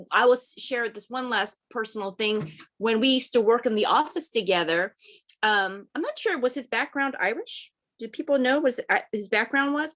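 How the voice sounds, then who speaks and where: A woman sharing memories of a late coworker at a community memorial, halting often and restarting her sentences. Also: on the high side, fairly bright tone. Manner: halting, many restarts and fillers, laughing fondly. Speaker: memorial speaker, former coworker. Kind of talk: personal tribute at a memorial.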